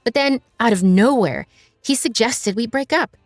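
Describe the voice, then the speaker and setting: A woman giving an even, storytelling narration of a first-person story. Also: fairly high pitch, normal speed, dry recording. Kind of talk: scripted narration. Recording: dry voice over faint music.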